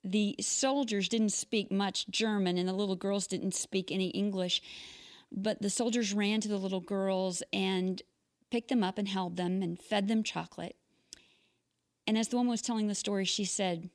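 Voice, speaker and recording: A woman host telling a true story in a short inspirational commentary, in an earnest, measured way. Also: mid-range voice, fairly even intonation.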